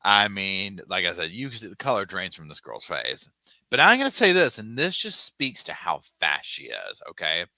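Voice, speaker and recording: Animated man hosting a sassy true-crime stream. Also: low-pitched, moderate pace, creaky, dry recording. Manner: animated, sassy, mimics people in exaggerated voices; reads viewer chat aloud and thanks supporters. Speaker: true crime livestream host. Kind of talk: casual livestream commentary.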